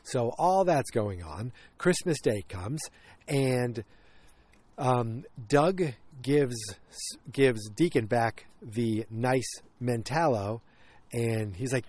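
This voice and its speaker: A man's voice: medium pitch, animated, measured pace, darkish tone, dry recording. Podcast host, male, casual rambling recap, dry close sound. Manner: rambling, acts out quotes in raised voices.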